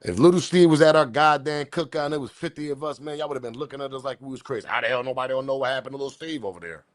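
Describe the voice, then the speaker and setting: A man hosting a live stream, talking in a casual, rambling and slangy way, reacting to a video and shouting out viewers. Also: medium pitch, steady tone, very fast, no room sound. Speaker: host.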